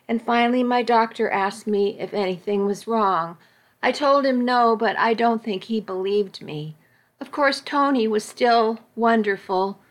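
A woman narrating a first-person story in a steady, reflective reading voice. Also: a little high.

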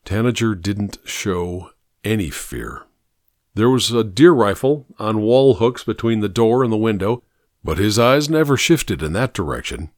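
Casting note: male audiobook narrator, measured and grave, mid pitch with an expressive lilt, dry close studio sound. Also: dry recording. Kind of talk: first-person audiobook narration.

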